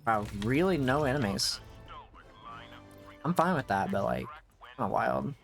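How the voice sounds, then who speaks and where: A man's voice: medium pitch, expressive, unhurried, gravelly, a bit bright, faint music behind. A man streaming a video game, giving casual running commentary that rambles and often restarts mid-thought to correct himself.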